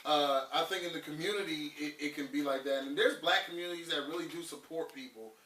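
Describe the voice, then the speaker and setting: A man's voice: fairly high pitch, a little fast, pushed and bright. Emphatic young man, roomy distant sound. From Brooklyn, New York. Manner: emphatic, gets heated and rhetorical. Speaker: host. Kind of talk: casual discussion chat.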